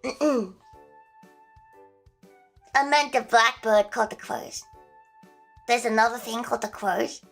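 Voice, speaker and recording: A woman's voice: fairly high pitch, steady tone, moderate pace, creaky, fairly bright tone, soft background music. A young woman livestreaming, chatting casually with viewers in a playful, giggly, chaotic way with crude jokes.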